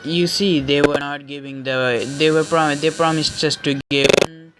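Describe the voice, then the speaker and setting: A man casually retelling a fan story, rambling with frequent cursing and halting restarts. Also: on the high side, fairly even intonation, noisy background. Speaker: story narrator.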